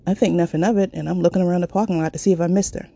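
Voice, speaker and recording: Gravelly, husky woman telling a story. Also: fairly low pitch, steady tone, very fast, warm tone, no room sound. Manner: raw, candid and profane. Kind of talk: personal storytelling.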